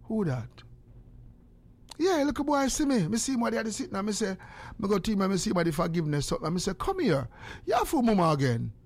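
With a high voice and fast delivery, an older man with a Jamaican accent tells casual stories. Animated, he plays out the dialogue he's quoting and at times slips into prayer.

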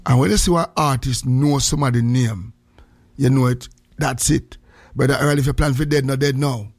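A man's voice: medium pitch, steady tone, normal speed, breathy edge, no echo. A man with a Jamaican accent hosting a casual morning radio show, joking in heavy patois and greeting listeners. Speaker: radio host.

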